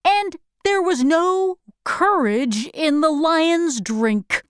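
A woman doing a calm old wizard. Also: extremely high pitch, extremely slow, slight background noise, pitched above the performer's own voice, full character voice. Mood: reassuring. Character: small old man, a kindly wizard.

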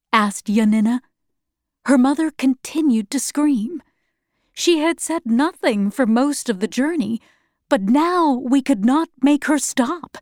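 A woman narrating a story in a measured, even way. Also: on the high side, no echo, clean studio sound.

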